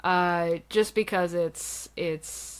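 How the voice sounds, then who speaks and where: Woman cohosting a movie podcast, lively, laughs a lot, lots of likes and ums. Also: on the low side, very slow, clean tone. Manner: animated, laughing, many fillers. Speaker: podcast co-host. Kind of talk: casual film discussion.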